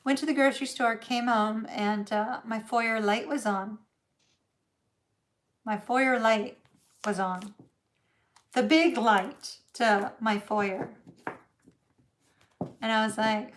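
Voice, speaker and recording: A woman's voice: fairly high pitch, takes it slowly, long pauses, slight background noise. A middle-aged woman, telling a story in a chatty livestream, laughing often and using lots of fillers. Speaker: tarot reader host.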